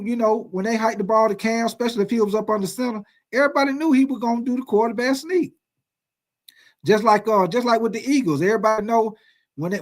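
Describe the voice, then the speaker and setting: A man hosting casual sports talk, emphatic and full of profanity. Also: sits high.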